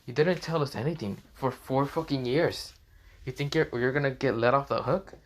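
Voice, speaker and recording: Brief: man doing a cross young woman chewing someone out, flat and low-key. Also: normal speed, close to an everyday voice. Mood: scolding. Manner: scolding, cursing. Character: angry young woman scolding a runaway.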